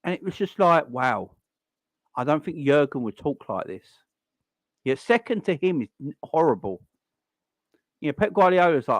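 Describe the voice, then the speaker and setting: A man's voice: on the high side, big pitch swings, normal speed, pauses often, no room sound. A young man hosting a live stream, ranting in an exasperated, repetitive way and swearing now and then. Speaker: fan channel host. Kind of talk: live-stream football rant.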